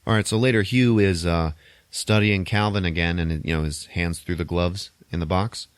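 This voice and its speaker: A man casually recapping a film's plot on a podcast, loose and wry, swearing and tossing in quick mock voices for the characters. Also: deep voice, fairly even intonation, smooth, dry recording. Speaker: podcast host recapping a film. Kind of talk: casual chat.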